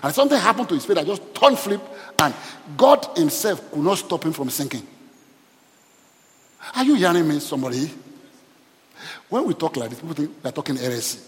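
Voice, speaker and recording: A man's voice: fairly high pitch, big pitch swings, fairly quick, long pauses. A man preaching a sermon as pastor and asking the congregation questions as he goes. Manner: asks the congregation questions, preaching with call and response. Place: church hall. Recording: reverberant church hall.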